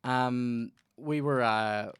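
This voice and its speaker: A man's voice: medium pitch, extremely slow, smooth, no room sound, clean studio sound. A young Northern Irish man hosting a podcast, telling stories in casual chat and swearing freely. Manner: swears a lot, tells animated stories. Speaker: podcast host.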